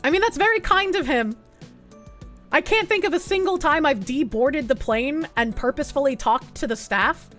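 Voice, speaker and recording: A woman's voice: high voice, lively intonation, moderate pace, a bit bright, soft background music. A young woman streamer reading an article aloud and reacting with blunt, sarcastic, swearing commentary.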